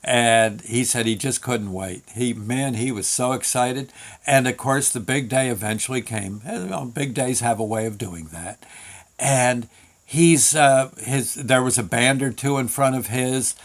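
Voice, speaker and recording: A man's voice: medium pitch, unhurried. A man hosting a show, telling a story in a casual, rambling way with many restarts and fillers. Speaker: show host.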